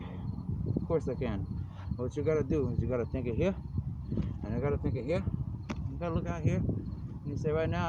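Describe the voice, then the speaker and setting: A man who calls himself a minister, talking in a loose, meandering monologue and constantly adding "man" and "you know". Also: mid-range voice. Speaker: self-described minister. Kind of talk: rambling outdoor monologue. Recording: noisy outdoor street recording. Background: traffic and city noise.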